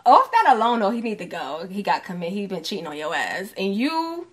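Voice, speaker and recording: A woman's voice: mid-range voice, huge pitch swings, fairly quick, a bit bright. Talkative New woman. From New York. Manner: talkative, explains her points at length and acts out other people's voices. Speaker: podcast co-host. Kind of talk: casual chat.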